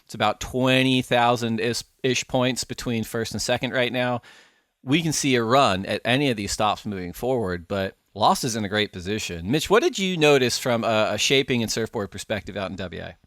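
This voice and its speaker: A man hosting a ranking segment, with a steady, scripted delivery. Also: mid-range voice, normal speed, dry recording, studio quality. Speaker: show host.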